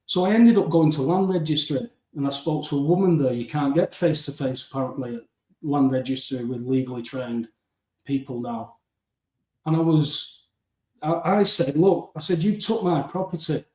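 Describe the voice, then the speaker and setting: A man with an animated storytelling manner, acting out dialogue as a guest in a casual interview. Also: fairly high pitch, normal speed. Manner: animated storytelling, acting out dialogue, often addressing the host by name. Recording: roomy, distant mic.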